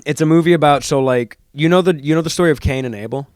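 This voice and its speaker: A young man co-hosting a podcast tells rambling, profane stories in casual chat. His voice is a little high and slightly mellow, with a clean tone, and he talks quickly in a clean studio recording with no room sound.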